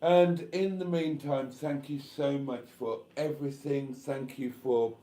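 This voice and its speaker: A man hosting a late-night live stream, tired and a little tipsy, talking slowly and emotionally as he thanks his viewers. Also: mid-range voice, fairly even intonation, mellow.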